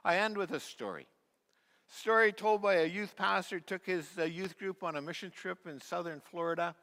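A man preaching a sermon as pastor, telling a story with many fillers and restarts, and dropping to a soft, quiet voice at key points. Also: high voice, normal speed. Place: church sanctuary. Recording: long reverb of a church hall.

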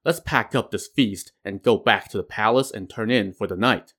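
A man voicing a cautious king who speaks slowly and deliberately. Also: on the low side, a bit bright.

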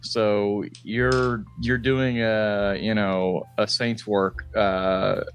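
A man's voice: on the low side, level tone, drawn-out words, clear, resonant tone. A man co-hosting a podcast, rambling through casual chat, swearing often and laughing a lot. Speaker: podcast co-host.

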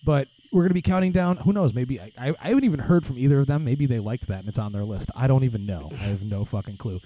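Male podcast host: mellow and dark-toned, loose and joking. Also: mid-range voice, quick pace, poor audio. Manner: loose and joking, swears, restarts a lot. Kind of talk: casual podcast chat.

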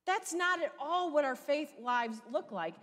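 A woman's voice: sits high, lively intonation, a little slow, fairly bright tone. Midwestern woman pastor, reverberant church. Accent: American Midwest. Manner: conversational preaching with rhetorical questions. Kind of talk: sermon. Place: church sanctuary.

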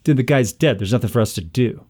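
A man playing a tabletop game, reasoning through the situation out loud. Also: mid-range voice, quick pace. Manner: reasoning things out aloud. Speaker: player. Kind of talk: casual game chat.

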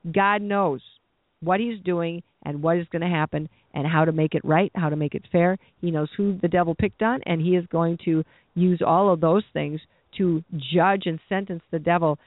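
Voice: mid-range voice, fairly even intonation, moderate pace, no room sound. Earnest preacher on a tinny line. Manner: earnest, repeats and restarts phrases. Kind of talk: sermon. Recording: tinny phone-like dry recording.

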